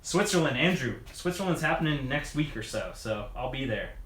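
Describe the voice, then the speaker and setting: A mountain bike creator chats casually with his live-stream audience while working on his bike, rambling, chuckling a lot, and using many fillers and restarts. He has an expressive, mid-range voice with a fairly bright tone and moderate pace, recorded in an echoey room.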